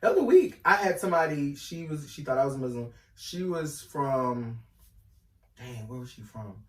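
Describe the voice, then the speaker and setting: Animated storytelling man, echoey room. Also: mid-range voice, moderate pace. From North Carolina, US. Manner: animated storyteller, lively asides. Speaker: podcast co-host. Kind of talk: casual discussion. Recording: roomy echo, mic at a distance.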